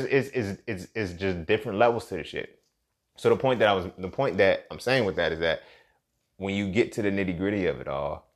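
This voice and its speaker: A young man talks straight into his own podcast mic, swearing freely and circling back over his points. His voice sits at an ordinary middle pitch, jumping up into loud sarcastic bursts and then dropping to low mutters. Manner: profane, rambling, sarcastic, swings loud and soft. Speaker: podcast host. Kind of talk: casual solo podcast rant.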